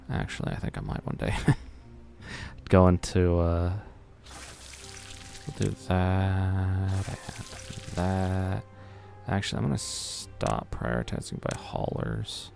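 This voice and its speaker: Brief: unhurried male streamer, muses aloud over gameplay, faint music behind. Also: deep voice, gravelly. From Greek family background. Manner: rambling, talks to himself while playing. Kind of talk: casual gameplay commentary.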